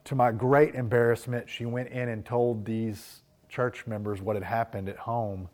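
A man's voice: mid-range voice, flat delivery, moderate pace, a little mellow. A man preaching a sermon, telling personal stories in an earnest, reflective way. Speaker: pastor.

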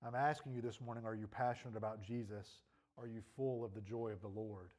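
A man's voice: mid-range voice, darkish tone. A male pastor preaching a sermon earnestly, his voice rising and falling in intensity, with a troubled throat.

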